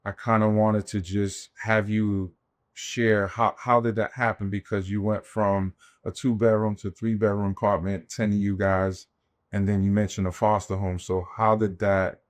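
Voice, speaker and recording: A man hosting a podcast, asking reflective questions in a measured, supportive way and drawing on faith sayings. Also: fairly low pitch, little pitch movement. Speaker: podcast host. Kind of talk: interview questions with faith references.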